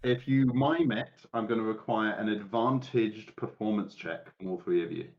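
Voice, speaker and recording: Low, calm male game master over slightly dull stream audio. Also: moderate pace. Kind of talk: narrating a tabletop game.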